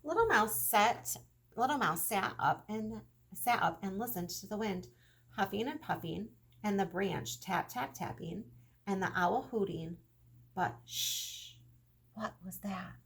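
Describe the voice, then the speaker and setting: Woman teacher reading a storybook to children, gentle, expressive, slightly husky. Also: medium pitch, measured pace. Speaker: kindergarten teacher. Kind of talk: children's story read-aloud.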